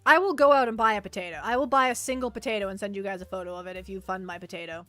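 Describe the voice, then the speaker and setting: A woman's voice: mid-range voice, rapid-fire, a bit bright, no echo, faint music behind. A woman streaming as a VTuber, chatting casually with her viewers and reading the chat aloud, often trailing off and restarting.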